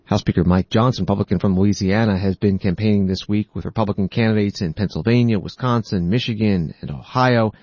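A man anchoring the news, reading scripted narration in a measured, even way. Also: lowish voice, no echo, dull audio.

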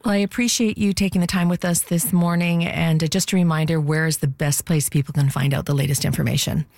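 A radio host conducting an interview, asking gentle, probing questions with repeated stammered starts. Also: medium pitch, fairly even intonation, quick pace, creaky, no echo.

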